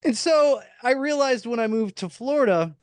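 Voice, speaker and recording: A man's voice: very high-pitched, lively intonation, moderate pace, a little mellow, clean tone, no room sound, studio quality. A middle-aged man from the Midwest with a Chicago accent, hosting a casual chat with rambling stories and frequent laughs. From American Midwest. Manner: rambling storyteller with many restarts, laughs often. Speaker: podcast host.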